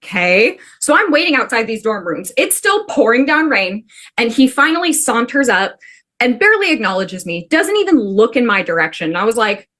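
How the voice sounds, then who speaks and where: A woman from the Pacific Northwest telling a personal story to a class in an animated, chatty way, full of "like". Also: a little high, normal speed. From Pacific Northwest, USA. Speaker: student storyteller.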